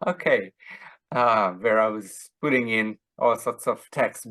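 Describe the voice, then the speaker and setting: A man's voice: lowish voice, slow, a bit bright, no room sound. A man teaching an online drama workshop, hesitant, with many fillers and restarts.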